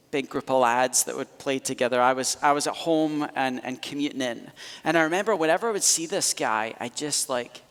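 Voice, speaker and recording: A man's voice: medium pitch, fairly bright tone. A man in his thirties with a Scottish accent, preaching with chatty, self-mocking stories full of fillers and restarts. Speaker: pastor. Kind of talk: sermon storytelling. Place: church hall. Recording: long reverb of a church hall.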